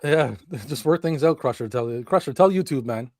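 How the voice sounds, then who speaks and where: A man's voice: mid-range voice, expressive, normal speed, a little mellow. Swearing, laughing man hosting. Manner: swears often, exasperated, laughs a lot. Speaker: podcast host. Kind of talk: casual live-stream chat. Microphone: remote video-call stream mic.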